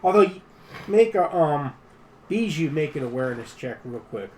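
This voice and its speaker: A man playing a tabletop game, relaxed, describing his character's actions. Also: a little high, moderate pace. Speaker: player. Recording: faint background noise.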